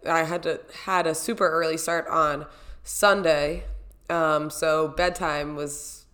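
A woman's voice: low-pitched, fairly even intonation, slow, a bit bright. A young woman casually recapping her own experience as a vlogger, chatty and rambling, acting out her own reactions as she tells it.

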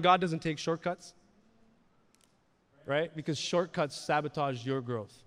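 A man's voice: fairly high pitch, unhurried, long pauses, fairly bright tone, long reverb tail, some chatter behind. A man preaching a sermon in a conversational way, repeating words and asking the audience questions. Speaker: pastor. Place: church hall.

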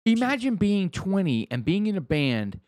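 A man's voice: high voice, big pitch swings, normal speed, darkish tone, no room sound, clean studio sound. A man hosting a casual podcast chat, blunt and easily amazed, moving the talk along. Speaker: podcast host.

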